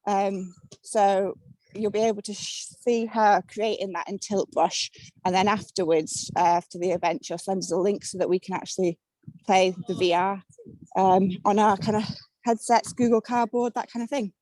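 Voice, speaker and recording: A woman's voice: medium pitch, steady tone, moderate pace, darkish tone, no echo, low-quality recording. Playful woman reporter, close dry voice. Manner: playful, giggly. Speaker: roving reporter. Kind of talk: casual chat.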